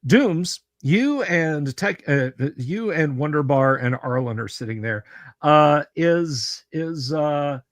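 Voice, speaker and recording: A man's voice: on the high side, unhurried, no echo, studio quality. A man running a tabletop game on a livestream, talking in a casual, friendly way and often repeating words as he goes. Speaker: game master.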